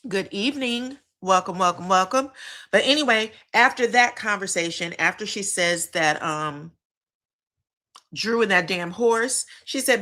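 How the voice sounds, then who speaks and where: A woman's voice: mid-range voice, a little slow, pushed and bright. A woman hosting a casual live-stream recap of a reality show, talking to her chat in a candid, slangy way and repeating herself for emphasis. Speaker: reality TV commentary host.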